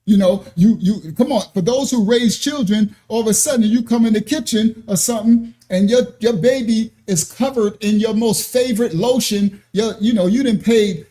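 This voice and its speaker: A man's voice: moderate pace, hardly any pauses. A man preaching a conversational sermon, often asking "right?" and acting out quoted voices. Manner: animated, acts out quoted voices with rising pitch; conversational, repeatedly asks "right?". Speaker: pastor.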